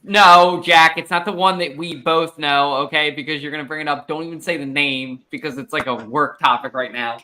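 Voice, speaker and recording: Bright, upbeat podcast co-host man. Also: on the high side, fairly even intonation. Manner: upbeat, joking, rapid asides. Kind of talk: casual sports podcast chat.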